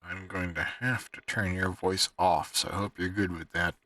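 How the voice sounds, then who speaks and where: A man hosting a livestream, muttering to himself as he fiddles with his software, heard on a distant desk mic. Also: sits low, fairly even intonation, moderate pace, no room sound, studio quality. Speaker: livestream host. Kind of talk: casual livestream chatter.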